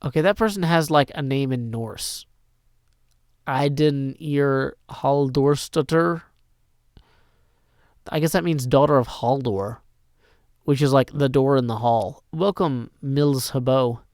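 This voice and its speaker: A man's voice: medium pitch, expressive, darkish tone, no echo. A man from Tennessee with a Southern twang, greeting viewers on a livestream in a playful tone and sliding into sing-song rhymes. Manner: slow, playful, drifts into sing-song rhyming verse. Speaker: livestreaming gamer. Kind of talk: casual livestream chat.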